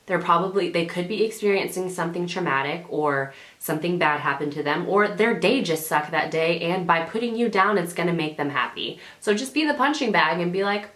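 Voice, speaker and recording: A woman's voice: fairly low pitch, a bit bright. Chatty woman vlogger in an echoey room. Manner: chatty, rambling, sassy, self-correcting. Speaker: beauty vlogger. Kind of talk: casual chatty advice to camera. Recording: roomy home camera audio.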